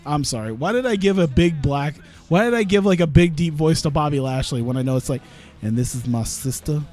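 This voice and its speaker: A man with a slightly higher-than-average voice rambles through casual commentary on his own gameplay. He often breaks off mid-sentence and chuckles at his own ideas. Soft music plays faintly under his talk. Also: expressive, fairly quick. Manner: rambling, self-interrupting, laughs at own jokes. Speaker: gaming streamer.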